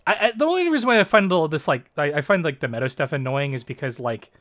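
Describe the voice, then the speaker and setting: Guy in a casual podcast chat, bit high voice, keeps going "like, um" while he rants. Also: fast talker. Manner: animated, filler-heavy, frustrated rants. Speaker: podcast co-host. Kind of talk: casual discussion of a fan story.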